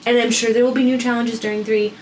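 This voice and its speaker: A woman's voice: a little high, flat delivery, quick pace, darkish tone, low-quality recording. A woman in her thirties co-hosting a parenting podcast, talking casually and telling stories about her kids. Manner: chatty, storytelling with quoted voices. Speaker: podcast co-host. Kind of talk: casual chat. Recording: faint background noise.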